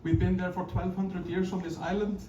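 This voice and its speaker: A man's voice: sits high, level tone, moderate pace, warm tone, dull audio. A man with an Icelandic accent, a singer-songwriter from Iceland, chatting and joking between songs on a live stage, playful and self-mocking, often laughing. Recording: echoey live room, distant mic, background noise.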